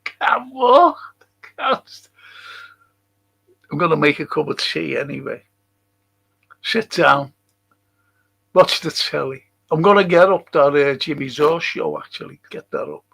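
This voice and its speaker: A man's voice: fairly high pitch, animated, normal speed, vocal fry, fairly bright tone, slightly rough. A man hosting a casual late-night livestream in a rambling, sweary way and chuckling to himself, speaking into a computer mic at a desk. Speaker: livestream host.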